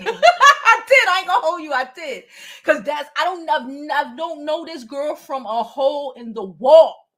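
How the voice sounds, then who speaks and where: A young woman with a high voice runs a casual gossip and advice livestream, chatting with viewers at a normal speed. She is animated, laughs a lot and swears freely.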